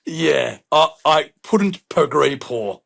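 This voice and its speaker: Gravelly young Australian man. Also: a little high, animated, slow pace, a bit bright. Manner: playful, alliterative, swears often, acts out voices. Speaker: podcast co-host. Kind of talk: casual chat, storytelling.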